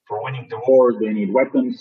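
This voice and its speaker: A man from Estonia, a defense ministry official answering interview questions from his office, measured and hesitant with many fillers. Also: mid-range voice, steady tone, recorded from a distance, phone-quality sound. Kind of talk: remote conference interview.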